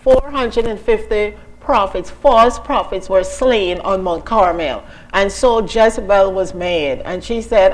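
A woman's voice: medium pitch, animated, unhurried, few pauses, poor audio. A woman giving an informal sermon and testimony as a Bible teacher, talking conversationally with many asides and questions to her listeners.

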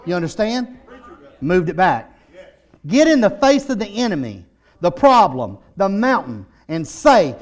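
A male pastor with a high voice that swoops widely in pitch. He preaches in waves, dropping low for stories and then climbing into loud, fervent declarations. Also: big pitch swings, unhurried. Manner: preaching with rising shouted declarations and storytelling. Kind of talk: sermon.

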